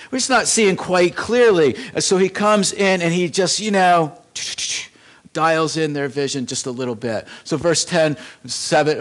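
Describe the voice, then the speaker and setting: Man, pastor, conversational sermon, slightly higher voice, repeats and restarts phrases, emphatic then hushed. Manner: conversational preaching with frequent repetitions and restarts. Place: church sanctuary.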